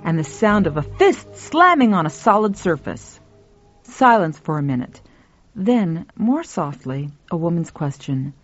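A woman narrating a short story in a measured, expressive storytelling manner. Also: on the low side, lo-fi sound, faint music behind. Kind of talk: audiobook narration.

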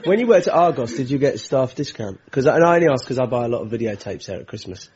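A man's voice: mid-range voice, animated, quick pace. A man hosting a chat show, asking questions and dropping dry quips. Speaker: host. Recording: dull lo-fi broadcast with loud noise.

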